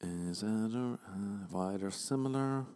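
A man's voice: lowish voice, unhurried, mellow. A man hosting a podcast, rambling through a comedic monologue full of swearing and self-mocking jokes. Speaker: podcast host.

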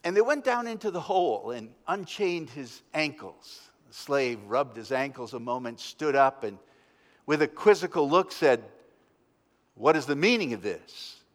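A male pastor preaching a sermon as a story, dramatic, swinging between loud and hushed. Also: medium pitch, very animated, normal speed, in a large hall. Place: church.

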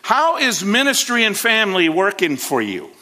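A man's voice: high voice, huge pitch swings, normal speed, pushed and bright. A man preaching a sermon, telling a story with rising animation and frequent restarts. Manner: repeats words, frequent restarts.

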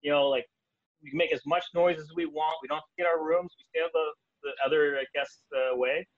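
Lively Canadian man with a muffled sound. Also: a little fast, no room sound. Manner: animated, laughs through stories, jumps into high voices when quoting. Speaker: guest. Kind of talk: casual storytelling.

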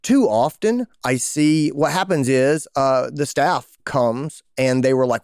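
A man co-hosting a podcast, talking casually and animatedly, often jumping up in pitch when he acts out what other people say. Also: takes it slowly, few pauses, a little mellow, clear, resonant tone, no room sound, studio quality. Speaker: podcast co-host, veterinarian.

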